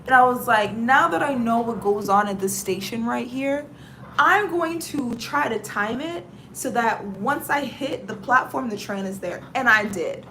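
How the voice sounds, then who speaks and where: Animated Southern woman, bright voice. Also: a little high, a little slow, a little hiss or hum. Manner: animated storyteller with dramatic exclamations. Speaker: livestream host. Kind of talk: casual chat, reading viewer comments.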